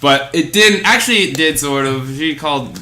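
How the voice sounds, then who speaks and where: A young adult man co-hosting a podcast, telling a story in casual chat with animated, rambling delivery full of fillers and restarts. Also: on the high side, normal speed, a little hiss or hum. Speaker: podcast co-host.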